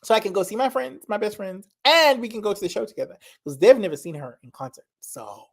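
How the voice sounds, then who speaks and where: A woman's voice: medium pitch, expressive, fast talker. A young woman from Zimbabwe, chatting casually and enthusiastically, rambling, repeating herself and laughing often. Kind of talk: casual chat.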